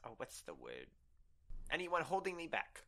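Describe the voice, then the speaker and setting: A man's voice: a little high, huge pitch swings, normal speed, pushed and bright. A young man playing a tabletop game, hesitant and playful with many ums. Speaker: player.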